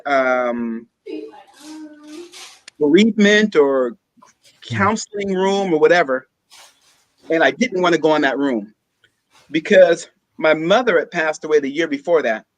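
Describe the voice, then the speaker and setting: A man earnestly telling a personal story, in a halting way with pauses and fillers. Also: on the high side, no echo, low-quality recording. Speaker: guest sharing a personal story.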